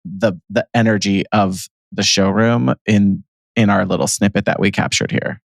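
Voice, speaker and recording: A man's voice: lowish voice, steady tone, moderate pace, creaky, dry recording, clean studio sound. A man co-hosting a casual podcast chat, playful and joking, laughing easily. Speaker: podcast co-host.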